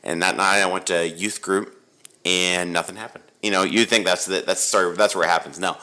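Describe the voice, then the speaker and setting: A man, a pastor, telling a personal faith story in a rambling, animated way with many restarts. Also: sits low, a little fast. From Ohio. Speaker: pastor and guest.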